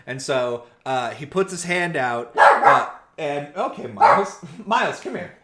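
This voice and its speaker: A man's voice: a little high, unhurried, hardly any pauses, a loud crowd. A man co-hosting a podcast, telling a story in casual chat, swearing and acting out the people he quotes. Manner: animated, acts out quoted people, swears often. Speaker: podcast co-host. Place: room, recorded in person.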